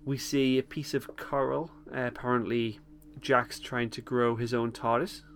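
Relaxed man recapping an episode. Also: mid-range voice, unhurried, slight background noise. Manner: relaxed, chuckles often, hesitant with ums. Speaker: podcast host. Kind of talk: casual chat recapping a TV episode.

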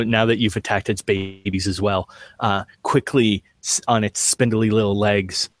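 A man running a tabletop game as game master, narrating with many halting fillers. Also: on the low side, no echo.

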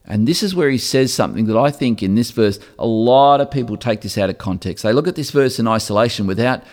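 A male pastor delivers his sermon in an earnest, conversational way. He circles back to repeat key phrases and now and then stumbles over a word. His mid-pitched voice rings out in a big hall with a long echo trailing each phrase. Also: expressive, quick pace, darkish tone. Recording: long reverb of a large hall.

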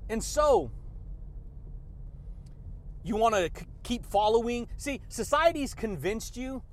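A man's voice: very high voice, expressive, slow, pauses often, slight background noise. A man hosting a motivational podcast, hyped and slangy, laughing often and calling listeners baby and dude. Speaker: podcast host.

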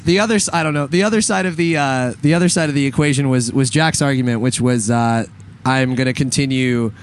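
A man's voice: medium pitch, fairly quick, slight background noise. A man co-hosting a casual talk show, rambling with lots of fillers and restarts and laughing often. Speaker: podcast co-host. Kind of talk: casual chat with banter.

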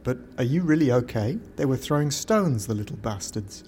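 A man's voice: medium pitch, animated, normal speed, dark tone, slight background noise, lightly acted. A man playing a young, elegant male journalist who talks in a friendly, reassuring way.

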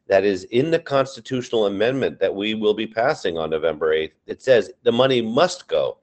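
Brief: low, earnest male guest making his case, halting with ums. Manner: earnest, many fillers and restarts. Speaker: guest, education union advocate. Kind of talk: interview answer, campaign advocacy.

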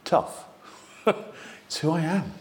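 A man preaching a sermon in an excitable, animated way, with self-deprecating humour. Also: a little high, slow pace.

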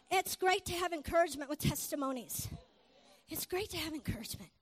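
A woman preacher giving an exuberant sermon to a congregation, shouting praise between points. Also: high voice, lively intonation, a little fast. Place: church before a congregation.

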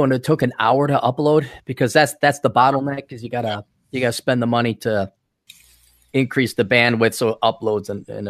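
A man's voice: mid-range voice, no echo. A male podcast host chatting loosely into a desktop mic, his voice in the middle range and recorded dry and close. He rambles and restarts often and pokes fun at himself. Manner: rambling, self-deprecating, many restarts. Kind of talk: casual podcast chat. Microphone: desktop studio-style USB mic.

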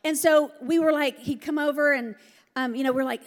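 A middle-aged woman preaching a lively, joking sermon. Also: high-pitched, fairly quick. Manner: lively, joking, laughs often. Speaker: pastor. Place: large church hall. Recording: long hall reverb.

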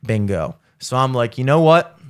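A man telling a story in loose, casual chat, swearing freely. His voice is mid-pitched and swings high whenever he acts out other people's lines. He trails off into quieter stretches when the story turns sad. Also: moderate pace, clean tone. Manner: animated, profane, acts out quotes in a high voice.

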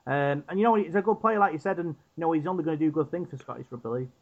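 Male co-host, higher register, hesitant tag-question style, muffled lo-fi sound. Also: rapid-fire. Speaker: podcast co-host. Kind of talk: casual sports chat. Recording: dull lo-fi sound.

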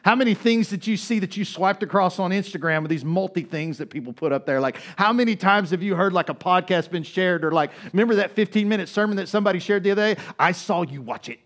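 Male pastor, sermon delivery, conversational, somewhat high-pitched, big swings between loud and soft. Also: quick pace, few pauses. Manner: conversational preaching with frequent "right?" asides.

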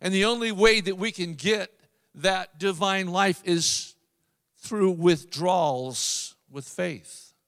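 A man preaching a sermon, emphatic, with drawn-out phrases and repeated lines. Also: sits high, a bit bright, smooth, big-room sound. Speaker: pastor.

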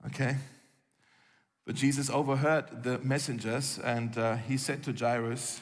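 A man's voice: mid-range voice, steady tone, measured pace. A man preaching a sermon in a conversational storytelling way, acting out the lines of the people in the story. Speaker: pastor. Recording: long hall reverb.

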